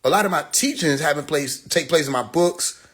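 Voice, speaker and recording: A young man with a husky, slightly high voice, rambling on a phone livestream. He tells stories animatedly, jumping into the voices of the people he quotes. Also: normal speed. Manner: animated storytelling, acts out quoted people, laughs. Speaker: live stream host. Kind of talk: casual livestream monologue.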